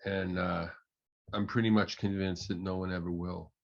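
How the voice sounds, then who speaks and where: A man quoting a bitter male senior architect in a Russian accent, speaking curtly and flatly. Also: deep voice, moderate pace, lo-fi sound. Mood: blunt, bitter.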